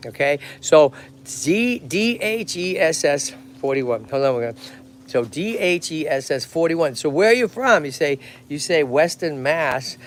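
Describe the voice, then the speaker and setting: Energetic male rescue host, Massachusetts accent, fairly high-pitched, chatty outdoor livestream delivery with constant check-ins. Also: a little slow, slight background noise. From Lowell, Massachusetts. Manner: energetic, chatty, keeps checking in with "okay?" and "right?". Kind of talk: livestream chat. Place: outdoors at a tortoise pond.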